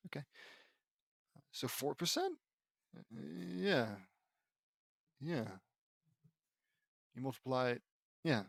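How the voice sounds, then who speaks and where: A man's voice: medium pitch, expressive, takes it slowly, pauses often, dry recording, clean studio sound. A young man reading his fan fiction aloud, breaking off with rambling, sarcastic asides and swearing. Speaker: audiobook reader.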